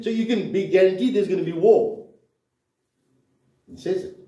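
A man's voice: fairly high pitch, brisk, pauses often, warm tone. A man preaching a sermon as a pastor, emphatic and full of rhetorical questions. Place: church hall. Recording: echoey room, voice from a distance.

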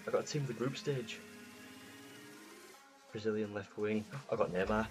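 Understated male gamer, lowish calm voice. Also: measured pace, faint music behind. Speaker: gamer reacting to pack opening.

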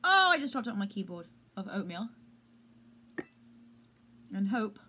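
A woman's voice: mid-range voice, very animated, measured pace, bright, forceful tone, slight background noise. A woman chatting casually in a home vlog, rambling and self-deprecating, with a squeamish streak. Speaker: vlogger. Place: home room.

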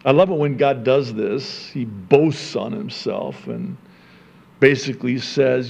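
Animated preaching pastor, slow delivery. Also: male voice, vocal fry, highs cut off. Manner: animated preaching, rising high and loud for emphasis then dropping low and quiet; conversational, chuckling asides to the congregation. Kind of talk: sermon.

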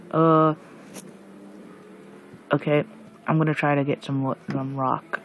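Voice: medium pitch, little pitch movement, slow pace, pauses often. A gamer giving casual let's-play commentary, jumpy and shrieking at monsters while muttering asides in between. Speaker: gameplay commentator.

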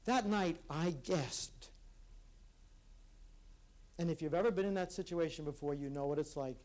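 This earnest conference speaker has a slightly high, slightly mellow male voice as he offers a reflective talk. He stops and restarts as he goes, and the audio comes from a live hall session.

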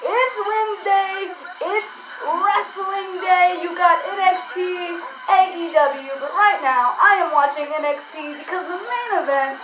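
Excitable young woman, high and echoey. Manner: fast, excitable, rambling with fillers. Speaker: wrestling reaction channel host. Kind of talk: casual live reaction vlog. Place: room at home. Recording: echoey room, slightly dull sound, faint noise.

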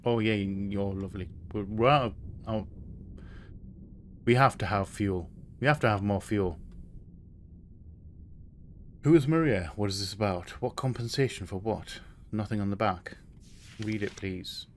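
A man with a low voice giving casual let's play commentary on a horror game. He reads notes aloud, cracks nervous jokes and swears freely when something jumps out. A faint hiss sits under his voice. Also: measured pace, long pauses. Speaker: streamer playing a horror game.

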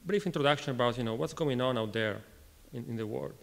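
A man from Italy with an Italian accent gives a technical conference talk in a halting way, restarting phrases and questioning the audience. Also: mid-range voice, vocal fry. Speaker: conference speaker. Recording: reverberant lecture hall.

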